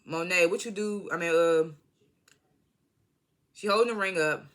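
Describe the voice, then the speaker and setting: Bright-voiced, slangy casual TV recapper. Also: mid-range voice, a little slow. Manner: slangy, profane, rambling, often apologizing. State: irritated by background noise. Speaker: TV show recap vlogger. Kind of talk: casual spoken episode recap.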